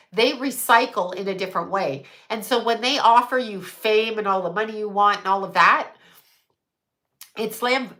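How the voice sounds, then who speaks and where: A middle-aged woman talks into her livestream from home with a bright, sharp edge to her voice. She wanders from one thought to the next, curses freely and often breaks into laughter. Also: mid-range voice. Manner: rambling, profane, laughs often. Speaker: livestream host. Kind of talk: casual livestream monologue.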